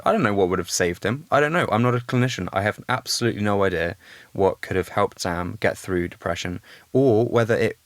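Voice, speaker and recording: A man's voice: deep voice, dry recording. A young man speaking as a podcast guest in a candid, reflective conversation, thinking aloud earnestly.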